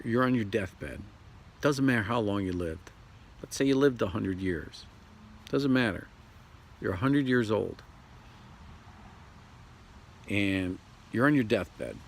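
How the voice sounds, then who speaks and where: Host type: man, low and gravelly, loose and repetitive, recorded outside with faint ambient noise. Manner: rambling, repeats himself, acts out quick voices. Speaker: spiritual video host. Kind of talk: casual outdoor spiritual talk. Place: outdoors. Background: outdoor ambience, traffic and birds.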